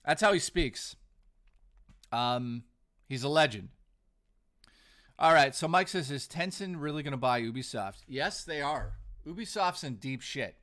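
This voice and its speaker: A man hosting a casual live stream from home, talking in an animated, ranting way while reading out chat messages and thanking supporters. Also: on the high side, unhurried, long pauses. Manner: animated, ranting, bursts of laughter. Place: home living room.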